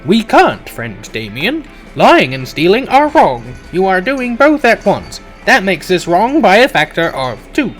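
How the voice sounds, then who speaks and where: A polite, literal-minded robot, as a man puts it on, speaking in slow, formal, stiff phrasing. He sounds earnest and courteous in every line. Faint music hums behind him. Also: high voice, wildly swooping pitch, a bit bright, full character voice.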